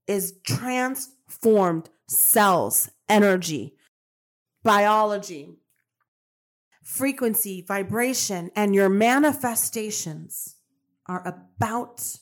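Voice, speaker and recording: A woman hosting a spiritual self-help podcast, talking emphatically in repeated affirmations and swearing casually. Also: fairly high pitch. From Colombian-American. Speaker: podcast host. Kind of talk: motivational spiritual podcast monologue.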